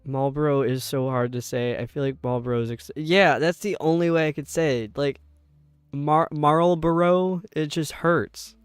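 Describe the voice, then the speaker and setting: A young man with a New York accent chatting casually with viewers while streaming, rambling and sounding out words slowly. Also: medium pitch, fairly even intonation, clean tone, dry recording. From upstate New York. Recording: dry close mic with faint game music.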